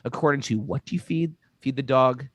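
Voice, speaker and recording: A man's voice: mid-range voice, brisk, no echo. A man telling a spiritual story in casual chat, acting out the voices of the people in it. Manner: animated, acts out voices in his stories. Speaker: co-host.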